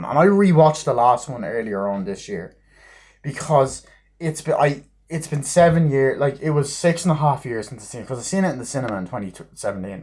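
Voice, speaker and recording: A man's voice: medium pitch, a little mellow, breathy edge. A young man giving an exasperated film review, swearing often and filling his talk with "like.". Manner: exasperated, swears a lot, repeats "like". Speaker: movie reviewer.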